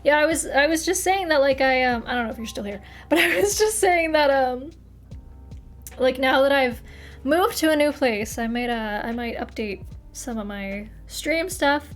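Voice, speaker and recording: A young woman streamer chats casually with her live audience, rambling, swearing freely and laughing often. Her voice sits high, she talks at a normal speed, and soft music plays in the background.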